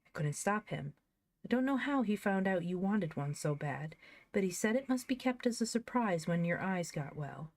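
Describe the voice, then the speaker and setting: A woman voicing a loving, busy mother in a storybook reading, gentle and teasing. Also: mid-range voice, animated, normal speed. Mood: fond.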